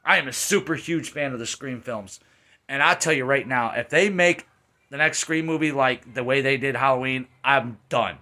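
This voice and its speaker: Forceful, profane, ranting male reviewer. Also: medium pitch, moderate pace. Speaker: movie reviewer. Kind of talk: angry film review rant.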